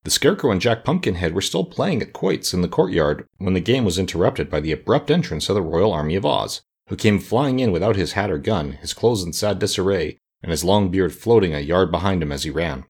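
A man narrating a children's fantasy audiobook with lively, expressive storytelling. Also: deep voice, fairly quick, hardly any pauses, breathy edge.

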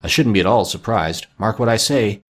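A man voicing a gentle, grieving Victorian clerk and father in a tender, earnest audiobook reading. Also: on the low side, fairly quick, lightly acted.

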